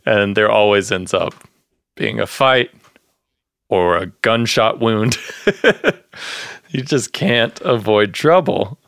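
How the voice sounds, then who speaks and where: A man casually recapping a TV episode with a co-host, animated and laughing often as he acts out lines. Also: fairly low pitch, slow, gravelly, long pauses, no room sound, clean studio sound. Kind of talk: casual chat.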